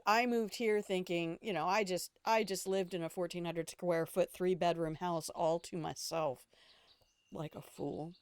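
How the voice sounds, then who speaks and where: An older woman with a lowish, clean-toned voice, recorded without echo, chats casually while streaming a game. Her gameplay commentary is blunt and opinionated; she swears freely and rambles from one aside to another.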